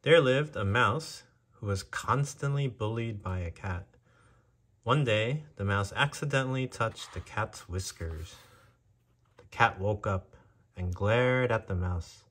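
Slow, deliberate male storyteller. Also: lowish voice, fairly bright tone. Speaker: narrator. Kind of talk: storybook narration.

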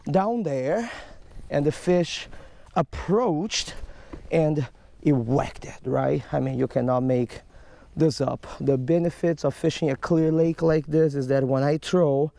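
Gravelly, upbeat man vlogging outdoors. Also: a little high, warm tone. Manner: playful, showy and upbeat, with frequent chuckles. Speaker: fishing vlogger. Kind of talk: energetic outdoor vlog narration. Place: outdoors at a lake.

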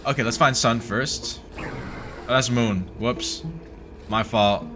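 A man giving excitable let's play commentary on a horror game, swinging between mutters and yelps. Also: medium pitch, takes it slowly, noisy background. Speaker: gaming YouTuber.

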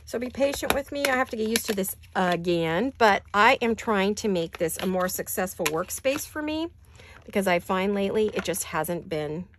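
A woman's voice: mid-range voice, expressive, moderate pace, noisy background. An older woman chatting casually while doing paper crafts at her desk, rambling with apologetic asides. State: hiccups.

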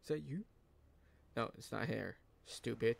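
A man's voice: medium pitch, measured pace, gravelly. A young man giving profane, joking let's-play commentary and laughing often. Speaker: gaming channel host.

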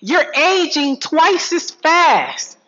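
A woman giving a lively health talk to an audience, swinging from low asides to loud calls. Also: drawn-out words. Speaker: health speaker addressing an audience. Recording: dull lo-fi sound.

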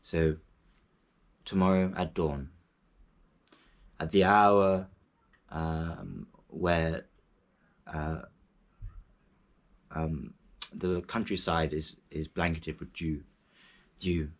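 A man with a very deep voice talks unhurriedly to camera. He stumbles through many fillers and false starts, and his French carries an English speaker's accent. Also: fairly even intonation. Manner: halting, many fillers and restarts. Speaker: language learner reciting poetry. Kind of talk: casual talk to camera.

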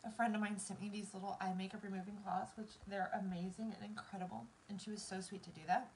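A woman's voice: medium pitch, little pitch movement, quick pace, a little mellow, slight background noise, rough recording. A woman in her thirties with a Southern American accent, chatting casually to viewers on a live stream while doing her makeup, emotional and close to tears. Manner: emotional, teary, talks straight to viewers. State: tearful, near crying.

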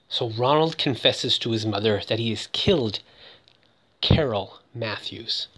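A man's voice: on the low side, a little slow, pushed and bright, husky. A man giving a casual, joking commentary on a film, with lots of "ooh" asides. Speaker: movie recap host.

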